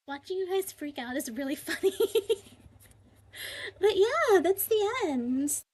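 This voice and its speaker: A woman's voice: very high voice, darkish tone. A woman streaming live, thinking aloud as she translates, with many fillers and emotional asides. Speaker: livestream translator. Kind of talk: casual live-stream chat.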